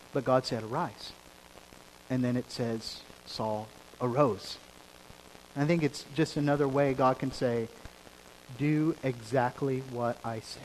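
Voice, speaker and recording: Impassioned male preacher in a reverberant hall. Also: mid-range voice. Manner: building from quiet to emphatic, repeating phrases. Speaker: pastor. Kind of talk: sermon. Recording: hall reverb with faint rain hiss.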